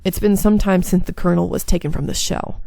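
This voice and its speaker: A woman's voice: on the low side, fairly even intonation, brisk, vocal fry, dark tone, no echo. A woman playing through a visual novel and reading its narration aloud, with small slips and asides. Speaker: game streamer.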